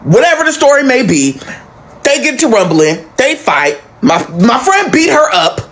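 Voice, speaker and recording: A young man telling his own story in casual, animated fashion, swearing freely and swinging dramatically in pitch. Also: normal speed.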